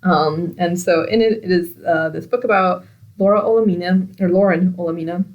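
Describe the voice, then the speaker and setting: A woman co-hosting a library podcast, talking casually about a book she reread, relaxed and attentive. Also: lowish voice, normal speed, dull audio. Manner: attentive listener, frequent backchannels, relaxed. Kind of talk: casual book recommendation chat.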